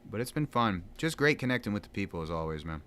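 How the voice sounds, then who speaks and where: Playing a game at home, a man of about thirty rambles in a loose, chatty way, poking fun at himself and filling his talk with fillers as a gaming vlogger. His fairly low voice is very animated, fast and a bit bright, over a little hiss or hum.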